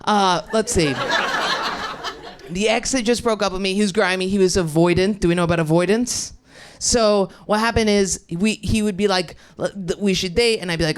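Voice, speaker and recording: A woman's voice: medium pitch, moderate pace, clear, resonant tone. A young woman doing an improvised stand-up set, brash and rambling, laughing through her punchlines. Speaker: stand-up comedian.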